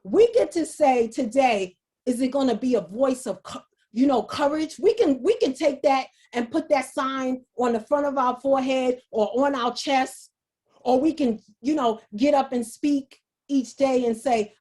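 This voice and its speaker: A woman giving an earnest motivational talk over a video call, halting and repeating herself. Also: sits high, darkish tone. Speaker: speaker.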